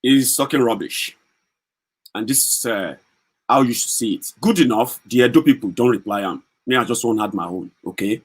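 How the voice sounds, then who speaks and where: A man's voice: mid-range voice, moderate pace, slightly rough. A man with a Nigerian accent giving heated, sarcastic political commentary in a vlog.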